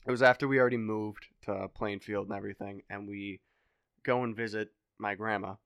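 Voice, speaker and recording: Animated young man telling a wild story. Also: lowish voice, a little fast, clean tone, no echo, clean studio sound. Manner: animated, swearing, acts out voices loudly. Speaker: podcast guest. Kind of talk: casual storytelling chat.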